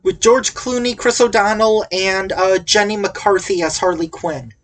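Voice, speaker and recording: A woman's voice: mid-range voice, steady tone, a little slow. Rambling, jokey woman recapping a movie. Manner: rambling, jokey, full of tangents and asides. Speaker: podcast host reviewing a movie. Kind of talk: casual chat.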